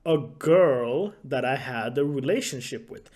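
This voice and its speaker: A man's voice: medium pitch, lively intonation, unhurried, darkish tone. A man telling a story in a casual vlog, sarcastic and profane, laughing often. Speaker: YouTuber.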